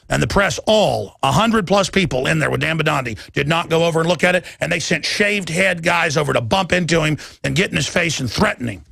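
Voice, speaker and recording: A man's voice: fairly high pitch, expressive, a little fast, creaky, sharp tone, no echo, studio quality. A man in his thirties hosting a talk radio show, delivering an impassioned, ranting monologue. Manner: impassioned, ranting, mimics others in quoted voices. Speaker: radio host.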